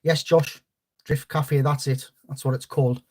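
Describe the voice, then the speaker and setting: A man's voice: medium pitch, steady tone, normal speed. A man hosting a live fishing stream, chatting in a rambling way and greeting viewers by name. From North East England. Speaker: fishing channel host.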